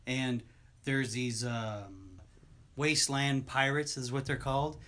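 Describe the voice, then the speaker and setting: A man's voice: medium pitch, steady tone, slow, a bit bright. A man co-hosting a podcast in casual chat, rambling and going off on long tangents. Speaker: podcast co-host.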